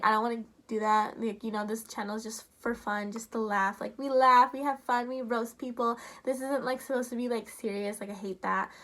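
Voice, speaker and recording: A woman's voice: high voice, sharp tone. A young woman YouTuber ranting to camera in a heated, profane, casual way, full of fillers.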